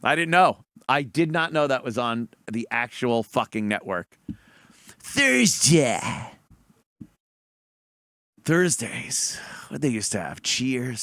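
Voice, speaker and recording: A man hosts a talk show and rants about a trailer with a slow, forceful delivery. He is profane and mocking and breaks into laughter often. His voice is a little high and sits dry and close. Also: clear, resonant tone, dry recording. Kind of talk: comedic rant reviewing a trailer.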